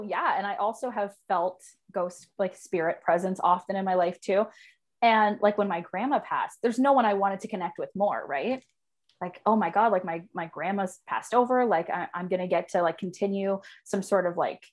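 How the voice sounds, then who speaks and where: A woman's voice: medium pitch, normal speed. A young woman hosting a casual chat from her home office, talkative, laughing often and swearing casually. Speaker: podcast host.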